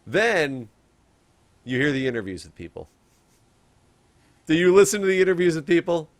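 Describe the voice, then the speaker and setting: A young man co-hosting a podcast in a loose, casual chat. His pitch swings widely as he gets animated, and he often stops to correct himself and laughs along the way. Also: normal speed. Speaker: podcast co-host.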